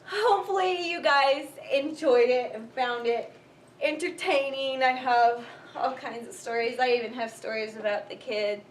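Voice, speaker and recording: A young woman tells funny stories to her viewers in a relaxed, chatty vlog, often breaking into laughter. Her voice sits fairly high. The mic is a little distant, with faint room noise behind her. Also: measured pace. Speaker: vlogger. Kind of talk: casual storytelling while folding laundry. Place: home room.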